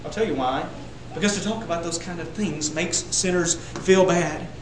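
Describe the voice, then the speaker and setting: A man preaching a sermon to a congregation, building to loud emphatic peaks on repeated words. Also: fairly high pitch, moderate pace, echoey room, low-quality recording. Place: church sanctuary.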